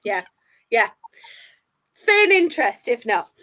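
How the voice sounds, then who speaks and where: Bright, lively woman telling gory tales. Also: on the high side, takes it slowly. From England. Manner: jokey, lively, self-mocking. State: tipsy. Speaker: tour guide, storyteller. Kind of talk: casual storytelling chat.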